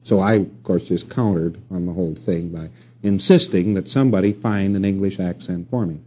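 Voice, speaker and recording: Brief: middle-aged male lecturer, low and mellow, rambling and wry, old muffled tape. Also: moderate pace. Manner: rambling, wry asides, rhetorical questions to the room. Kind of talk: recorded lecture to an audience.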